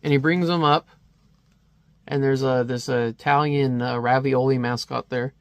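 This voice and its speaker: Man, comic reviewer, casual, rambling, chuckles, mid-pitched, dry room. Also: steady tone, normal speed, clean tone, no room sound.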